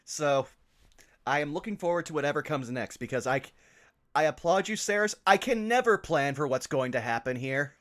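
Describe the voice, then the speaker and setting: A man's voice: fairly high pitch, normal speed. A man chatting casually and jokingly on a game stream, running the game as game master. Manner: joking, animated.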